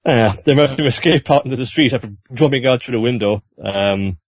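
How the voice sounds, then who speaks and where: A man's voice: medium pitch, a little fast, breathy edge, dry recording. A man hosting a podcast, recapping an anime episode in casual chat and acting out the characters in silly voices.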